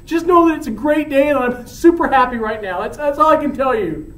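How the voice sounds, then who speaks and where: Man doing a giddy lovestruck young dude, laughing and gushing, high and loud, roomy echo. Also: slow pace. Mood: excited. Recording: roomy, from far off.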